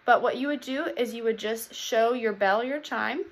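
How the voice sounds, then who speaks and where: A young woman preschool teacher explaining classroom routines to other teachers, upbeat and clear, now and then acting out the call-and-response chants she uses. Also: a little high, normal speed. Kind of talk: instructional talk to teachers.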